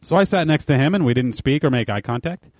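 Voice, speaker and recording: A man's voice: mid-range voice, quick pace, no room sound. Guy on a podcast, swears a lot, voice jumps all over, dry mic. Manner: animated, swearing, laughing storyteller. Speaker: podcast co-host. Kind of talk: casual storytelling chat.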